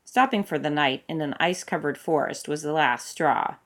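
A woman reading a story aloud with steady, expressive narration. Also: sits low, moderate pace. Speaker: fanfic reader.

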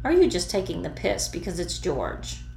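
A woman voicing a blunt, curious young female ghost, pitched up and cheeky, in an echoey room. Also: big pitch swings, moderate pace, creaky, a little mellow, slight background noise. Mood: teasing.

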